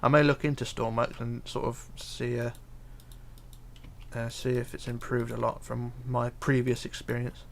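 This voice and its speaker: A man talks through a live stream in a gravelly, mid-pitched voice. He reads viewer comments aloud and mutters to himself as he works, with a lot of hesitant fillers. A faint hum of room noise sits behind him. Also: little pitch movement, moderate pace. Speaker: livestreamer. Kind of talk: casual live stream chat while building.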